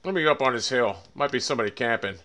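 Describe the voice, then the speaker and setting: A man's voice: mid-range voice, racing, bright, forceful tone. A man streaming a shooter game, ranting angrily and swearing as he plays. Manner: angry, ranting, swearing, muttering. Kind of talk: live game streaming commentary.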